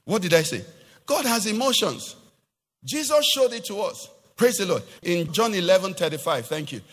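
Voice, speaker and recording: Male preacher, high lively voice, church hall reverb trailing off. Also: normal speed. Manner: animated preaching with rhetorical questions to the congregation. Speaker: pastor. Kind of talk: sermon.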